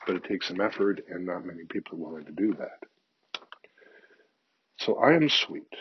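A man's voice: deep voice, lively intonation, normal speed, a little hiss or hum. An older man giving a frank, confessional monologue, swearing casually and sometimes dropping to a near-whisper. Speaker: speaker sharing personal views. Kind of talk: candid personal monologue. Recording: dull lo-fi, dry sound.

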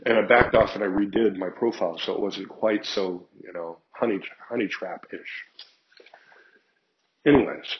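A man's voice: low voice, highs cut off. An older man telling frank stories in a casual monologue, acting out both sides of conversations. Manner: frank, animated storytelling with acted quotes.

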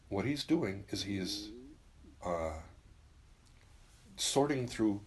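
Blunt deep-voiced middle-aged man. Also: lively intonation, takes it slowly, long pauses, a little mellow, a little hiss or hum. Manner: emphatic, blunt, swears freely; acts out quoted voices. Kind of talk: casual advice monologue.

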